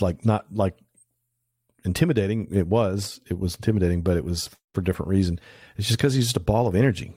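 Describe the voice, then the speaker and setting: A middle-aged man with a fairly low voice tells rambling, chatty stories, often restarting and filling in as he goes. The recording is dry and close, with no room sound. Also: dark tone, no echo. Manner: chatty anecdotal, many restarts and fillers. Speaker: photographer guest. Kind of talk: casual interview storytelling.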